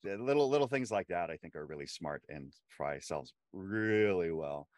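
Male podcast co-host, deep voice, animated delivery, dry close-mic sound. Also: moderate pace, dry recording. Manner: animated, restarts often while building a point. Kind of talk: casual TV discussion.

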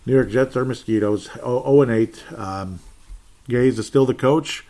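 Man, football podcast host, sarcastic, rambling, mid-pitched voice, solo recap. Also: measured pace, dark tone. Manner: sarcastic, rambling, with sighs and chuckles. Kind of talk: casual solo sports recap.

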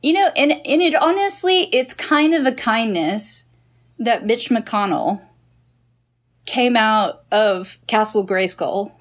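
A woman chatting casually as a podcast co-host, telling animated joking stories and laughing often. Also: on the high side, slow pace, pauses often. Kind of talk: casual chat.

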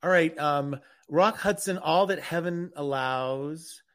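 A man's voice: on the high side, slow pace, fairly bright tone. An older man co-hosting a radio talk show, chatting and gossiping in a self-deprecating way. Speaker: podcast co-host. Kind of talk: casual chat.

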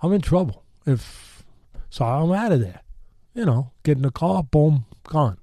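A man's voice: fairly high pitch, expressive, unhurried, dark tone, dry recording, studio quality. A man telling a story in a loose, rambling way, full of fillers and restarts, with blunt street-tough talk. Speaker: storytelling guest. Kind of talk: casual spoken storytelling.

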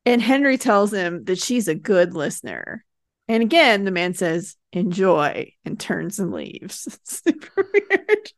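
A woman's voice: medium pitch, expressive, a little slow, no echo. Dry-sounding chatty woman recapping a show. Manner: chatty, laughs often, swears casually. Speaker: podcast co-host. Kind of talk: casual TV recap chat.

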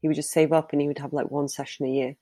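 A woman's voice: deep voice, flat delivery, racing, dark tone, no room sound. A woman, a professional dominatrix, answering interview questions in a candid, chatty way and laughing easily.

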